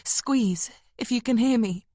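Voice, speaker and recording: A woman's voice: on the high side, a little slow, dark tone, no room sound, clean studio sound, pitched above the performer's own voice. A woman narrator voicing a woman police detective, speaking in urgent, breathless, clipped bursts.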